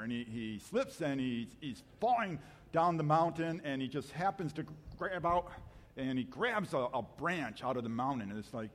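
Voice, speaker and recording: A man preaching as a guest speaker in a church, joking about himself and stopping to restart his sentences. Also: a little high. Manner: self-deprecating, joking, halting restarts. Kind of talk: sermon. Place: church sanctuary. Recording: long hall reverb.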